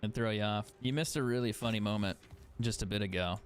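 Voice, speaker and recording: A man's voice: lowish voice, fast talker, slight background noise. Laid-back man streaming a game. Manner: chatty, swears freely, laughs often. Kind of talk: casual gaming stream commentary.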